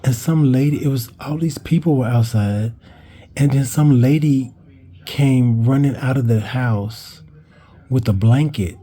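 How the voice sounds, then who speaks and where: A man recounts a memory in a loose, rambling vlog style. His voice is deeply mellow and dark in tone, at a middling pitch. He trips over his words and jumps his pitch up when acting out what others said. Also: unhurried, breathy edge. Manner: rambling, with restarts and cursing; acts out quoted voices higher in pitch. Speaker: vlogger telling a childhood story. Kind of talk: casual storytelling.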